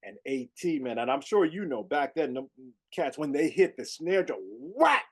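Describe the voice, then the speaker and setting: A man's voice: medium pitch, normal speed, slightly rough. A middle-aged man, a guest jazz saxophonist, telling stories in a casual interview and leaning on "you know" as he talks. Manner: animated storyteller, peppered with "you know".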